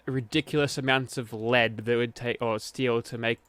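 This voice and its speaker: Man, game streamer, grumbly muttering, sharp forceful tone, dry close sound. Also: medium pitch, steady tone, moderate pace, no echo. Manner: grumbling, muttering to himself, swears often. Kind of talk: casual gameplay commentary.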